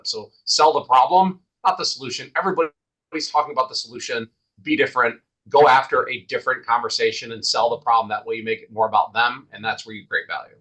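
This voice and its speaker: A man's voice: medium pitch, a bit bright, rough recording. A man talking as a guest in a casual podcast interview, emphatic and repeating points for stress.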